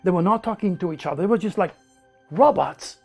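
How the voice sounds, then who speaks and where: His voice sits high, a little fast, creaky and breathy at the edges, with soft music underneath. A southern French native with a French accent, he animatedly recounts personal stories in an interview and acts out the quoted speech.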